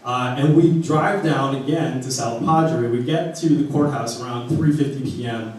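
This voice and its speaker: A man from Arizona casually telling an animated personal story and acting out the people in it. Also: mid-range voice, normal speed, hardly any pauses, heavy reverb, recorded from a distance, low-quality recording. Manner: casual, animated, acts out quotes.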